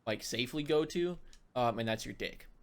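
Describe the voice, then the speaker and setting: A man's voice: mid-range voice, animated, moderate pace. A young man co-hosting a podcast, explaining things casually with lots of fillers. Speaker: podcast co-host. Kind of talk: casual chat.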